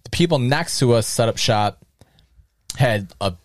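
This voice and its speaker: A man's voice: mid-range voice, expressive, a little slow, dry recording, studio quality. A man on a casual podcast chat, telling a rambling, anecdotal story and acting out his friends' lines. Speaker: podcast co-host.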